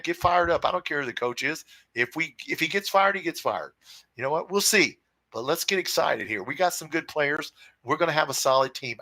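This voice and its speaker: A man's voice: medium pitch, pushed and bright, dry recording, rough recording. A man hosting a fan livestream, reading viewer comments and answering in blunt, profane, fired-up casual talk, calling people brother and dude. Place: home room with his cat nearby.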